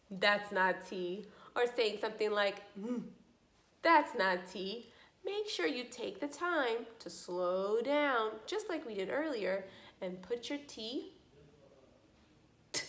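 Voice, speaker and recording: A woman leading a speech practice lesson for children, modeling sounds slowly and encouragingly. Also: fairly high pitch. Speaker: speech therapist. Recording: echoey room.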